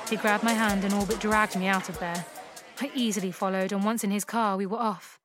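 A woman narrating an erotic audio story in a soft, unhurried first-person reading. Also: mid-range voice, steady tone. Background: music.

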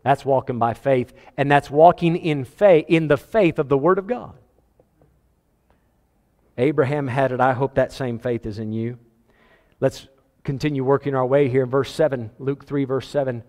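A man preaching a sermon as pastor, animated, quoting scripture and acting out voices with a chuckle now and then. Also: medium pitch, measured pace, pauses often, in a large hall. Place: church sanctuary.

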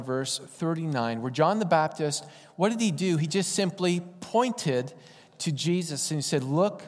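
Man, preacher, sermon, conversational folksy storytelling, somewhat high voice, long hall echo.

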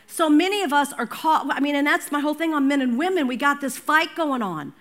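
An older woman pastor preaching a sermon in a lively, conversational way, breaking into personal stories and asides. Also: high-pitched, brisk.

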